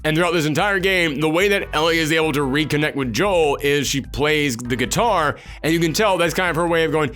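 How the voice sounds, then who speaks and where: A man's voice: a little high, fairly quick, hardly any pauses, fairly bright tone, soft background music. A man giving an emphatic, ranting spoiler review of a video game, acting out imagined reactions. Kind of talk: opinionated spoiler discussion.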